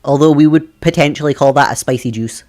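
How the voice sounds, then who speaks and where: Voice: medium pitch, fast, a little mellow. A streamer chatting casually with viewers from a computer desk at home, laughing often between remarks. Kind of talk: casual live-stream chat.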